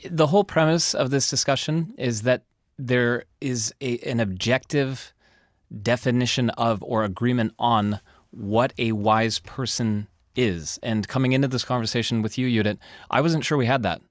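A man's voice: medium pitch, moderate pace, dry recording. Curious man host with dry sound. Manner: curious, stammering restarts. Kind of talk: interview questions.

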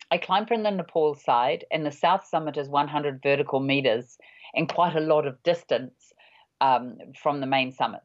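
Low-voiced older woman, dull lo-fi audio. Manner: measured, halting, with many pauses and fillers. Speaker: high-altitude mountain guide. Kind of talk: reflective interview answers.

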